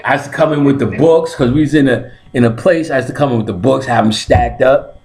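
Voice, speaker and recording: A man's voice: mid-range voice, fairly quick, darkish tone. A man telling stories in casual talk, profane and laughing. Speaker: podcast host telling stories. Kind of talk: casual storytelling. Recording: roomy echoey room.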